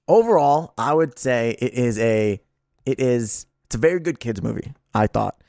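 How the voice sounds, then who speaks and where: A man's voice: medium pitch, animated, normal speed, vocal fry, darkish tone, no room sound. A man co-hosting a podcast in casual chat, rambling with many restarts, laughing often and swearing now and then. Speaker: podcast co-host.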